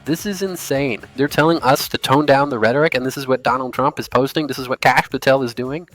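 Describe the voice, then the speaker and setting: A man's voice: medium pitch, a little fast, a bit bright, soft background music. A man giving angry, profane political commentary, ranting in a furious tone.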